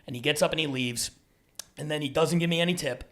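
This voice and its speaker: A man, a comedian on a podcast as a guest, telling a story in a casual, animated way and laughing as he goes. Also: fairly high pitch, fast, a crowd in the background.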